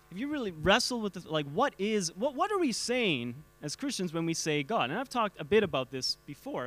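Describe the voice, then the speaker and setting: A man teaching a church group in a casual talk, often stumbling over and repeating words while quizzing his listeners. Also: fairly high pitch. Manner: halting, repeats words, asks the audience questions.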